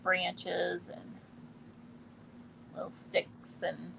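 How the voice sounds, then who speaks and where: Slow, gravelly-voiced woman teaching painting. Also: on the low side, noisy background. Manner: relaxed, thinking aloud while painting, often trails off. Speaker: art instructor. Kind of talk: live painting demonstration. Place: quiet indoor studio in a building.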